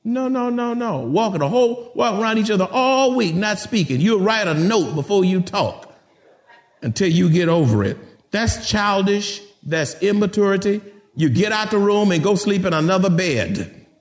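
Male pastor, middle-aged, high lively voice, folksy sermon delivery to his flock. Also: normal speed. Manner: animated preaching, folksy asides to the congregation.

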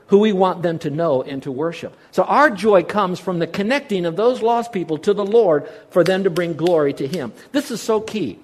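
Man preaching a conversational sermon. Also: fairly high pitch. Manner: conversational preaching with sudden loud emphasis. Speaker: pastor. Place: island church.

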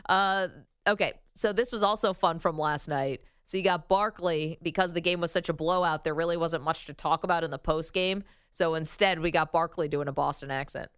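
A woman co-hosting a casual sports talk show, chatty and animated. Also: low voice, smooth, no room sound, clean studio sound. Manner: chatty and animated, quick to laugh.

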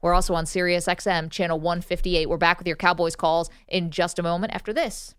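A woman's voice: on the low side, fairly even intonation, a little fast, clean tone, no room sound, studio quality. A woman co-hosting a sports talk radio show, upbeat and playful in casual banter.

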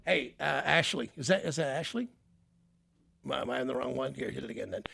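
A man's voice: mid-range voice, expressive, creaky, sharp tone, breathy edge. A man hosting a radio morning show, joking and teasing callers in casual on-air banter. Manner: joking, teasing, quick asides.

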